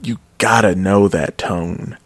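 A man with a deep, low voice gives a casual album review, rambling loosely with plenty of fillers and self-corrections and clearly enthusiastic about the music. He speaks slowly with a fairly bright tone. The recording is dry and close, with no room echo.

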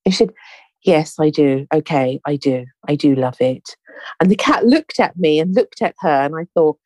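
A woman's voice: on the low side, normal speed, no echo. A woman telling a story in casual chat, acting out the dialogue as she goes. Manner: animated storyteller, acts out quoted dialogue.

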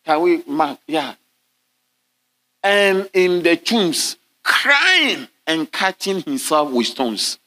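Man, bishop preaching, church congregation, a little higher than most men, call-and-response. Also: sing-song, drawn-out words, bright, forceful tone. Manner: call-and-response preaching, drops to low murmurs at times. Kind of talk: sermon. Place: large church hall.

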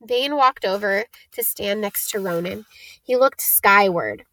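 A woman narrating a children's storybook in a steady, expressive read. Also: mid-range voice, measured pace. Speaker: audiobook narrator.

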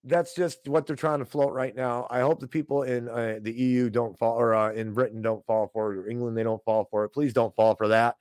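A man's voice: medium pitch, flat delivery, fairly quick, hardly any pauses, a little mellow, no echo, low-quality recording. A man hosting a livestream, ranting sarcastically about the news and mocking the people he disagrees with. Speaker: online show host. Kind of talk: livestream commentary.

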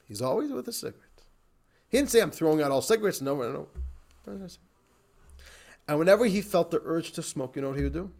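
A man, a rabbi, teaching a class in a lively, animated way, often laughing and repeating phrases for emphasis. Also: on the high side, a little fast, vocal fry, long pauses.

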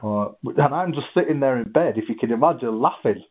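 A husky-voiced man telling his story in an interview, animated, with halting restarts. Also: mid-range voice. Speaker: guest, ultra runner. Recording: tinny phone-like line.

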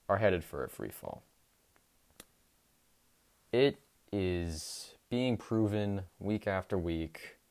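Slow, emphatic low-voiced podcast man. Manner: enthusiastic, emphatic, drawn-out stresses on key words. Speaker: sports podcast host. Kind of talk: scripted sports podcast recap.

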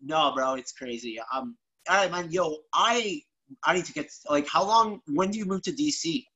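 A man's voice: fairly high pitch, normal speed, bright, forceful tone, breathy edge, poor audio. A man hosting a casual podcast, laid-back, swearing freely and calling people "bro". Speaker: podcast host.

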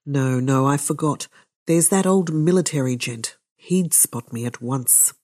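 A woman voicing a wary, scheming middle-aged detective who mutters gruffly to himself. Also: extremely low pitch, a little slow, darkish tone. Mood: muttering.

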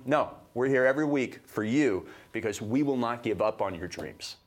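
A man from Canada co-hosting a motivational podcast, delivering advice in an emphatic, high-energy way. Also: lively intonation, moderate pace, hardly any pauses. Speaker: podcast co-host.

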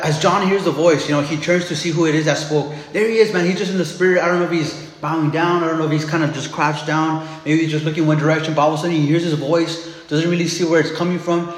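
A man's voice: on the high side, echoey room, long reverb tail, a little hiss or hum, rough recording. A man preaching a sermon in a casual, conversational way, repeating words and restarting as he explains scripture.

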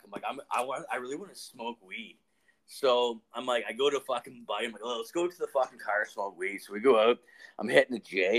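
A man's voice: medium pitch, a bit bright. A man in casual podcast chat, loose and profane. His voice sits in an ordinary middle register. He rambles through his story with plenty of filler words. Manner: profane, rambling, lots of "like" and "dude". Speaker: podcast co-host.

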